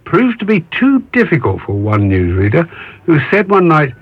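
A man's voice: fairly high pitch, huge pitch swings, moderate pace, husky, no room sound. Wry older man recalling radio days. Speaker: former radio presenter. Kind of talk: reminiscing radio chat. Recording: dull muffled radio broadcast.

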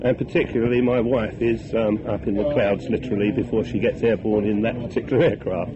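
A man from North London speaks as a radio guest, earnest and hesitant, filling his answers with ums while he nurses a heavy cold. It sounds like a dull old radio broadcast with clear hiss behind it. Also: fairly low pitch, steady tone, fairly quick. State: has a bad cold. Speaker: radio phone-in guest, poet and author. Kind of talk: live radio interview.

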